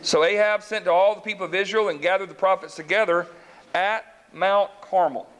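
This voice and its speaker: A man's voice: high-pitched, fairly quick. A man preaching a sermon, reading scripture aloud and acting out the voices of its characters while asking his listeners questions. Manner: animated, acts out voices in the story, asks the congregation questions. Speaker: pastor.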